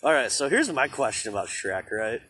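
Crude joking young man with a lively voice. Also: mid-range voice, moderate pace, slight background noise. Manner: laid-back, crude, joking, laughs often. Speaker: podcast co-host. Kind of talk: casual chat.

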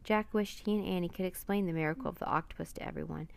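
Woman storyteller, slightly gravelly, even children's-book narration. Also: fairly low pitch, fast, no echo. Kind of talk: children's book read aloud.

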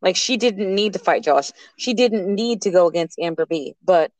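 A woman co-hosting a podcast who chats casually and gives measured opinions. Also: lowish voice, darkish tone, no room sound, poor audio. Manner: brief reactions, then measured opinions. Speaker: podcast co-host. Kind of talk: casual chat.

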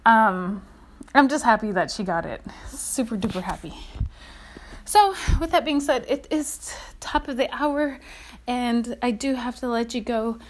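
A woman chatting on a walking vlog outdoors by a creek, rambling and excitable, a little out of breath from walking. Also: a little high, a little slow. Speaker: vlogger.

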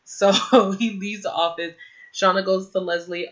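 A young woman with a medium-pitched, fairly even, slightly bright voice goes over a TV episode a little slowly. Her casual recap drifts, relies heavily on "like," and includes fed-up, opinionated comments, captured on slightly dull lo-fi audio.

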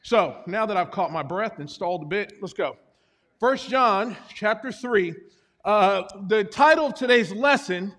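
Male pastor, high-pitched, winded, preaching to the room with jokes and call-outs; long reverb of a church hall. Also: expressive, measured pace, a bit bright. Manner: jokey, talks with the congregation, asks for responses. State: out of breath. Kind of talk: sermon.

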